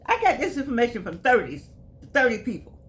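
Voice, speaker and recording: A woman's voice: fairly high pitch, wildly swooping pitch, a little fast. A woman in her eighties giving a casual spoken reflection, folksy and emphatic, often repeating herself. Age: 80s. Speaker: vlogger.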